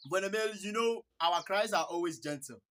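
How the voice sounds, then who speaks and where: High-voiced Ghanaian man telling stories. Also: fairly quick. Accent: Ghanaian English. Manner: animated, laughs between phrases; earnest, blessing-filled sign-off. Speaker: vlogger. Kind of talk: casual storytelling vlog.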